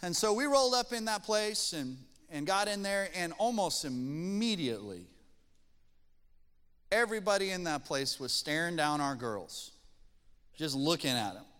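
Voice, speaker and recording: Male pastor, bright, crisp voice, folksy sermon delivery, long hall reverb. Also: a little high, moderate pace. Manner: folksy, animated storyteller. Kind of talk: sermon with storytelling.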